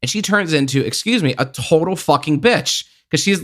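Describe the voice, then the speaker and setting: A man talking as a podcast guest in casual film chat, animated, swearing freely and leaning on "like" as filler. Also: fairly high pitch, fairly quick, few pauses. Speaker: podcast guest, TV and game producer.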